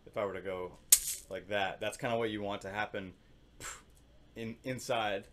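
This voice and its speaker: A man teaching percussion in a casual, relaxed way, thinking aloud and singing rhythms with syllables. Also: on the low side, moderate pace, a little hiss or hum. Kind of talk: casual instructional demonstration.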